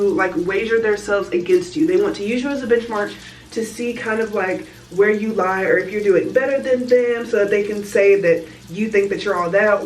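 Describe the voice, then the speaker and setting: A woman's voice: medium pitch, roomy sound, recorded from a distance, poor audio. A young woman vlogging in casual, candid chat, speaking plainly and peppering her talk with "like". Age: young adult. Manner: chatty, candid, fillers of "like".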